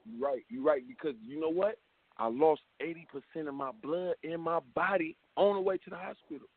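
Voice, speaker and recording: Man, high voice, husky, animated street-slang storyteller, tinny phone line. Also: fairly quick, dry recording. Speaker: rapper guest. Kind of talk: phone interview.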